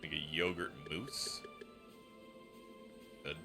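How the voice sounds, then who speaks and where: A man chatting casually on a livestream, telling stories with animated quoted voices. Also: extremely low pitch, slow, gravelly, music in the background. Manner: animated storytelling, acts out quotes. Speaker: streamer.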